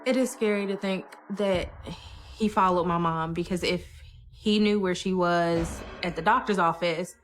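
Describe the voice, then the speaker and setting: A young woman recounting events in a measured, earnest way as an interviewee in a true crime documentary. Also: fairly low pitch, fairly bright tone. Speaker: interviewee, victim's daughter.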